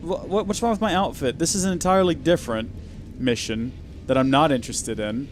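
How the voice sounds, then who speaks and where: A man's voice: fairly high pitch, brisk, a little hiss or hum. A man hosting a gaming video, giving chatty, wry and sarcastic commentary as he plays. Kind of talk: let's play commentary.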